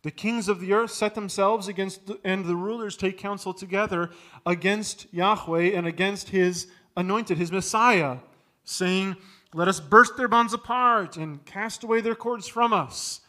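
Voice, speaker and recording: A man preaching a sermon, building to loud emphatic peaks and dropping low for contrast. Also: a little slow. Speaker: pastor.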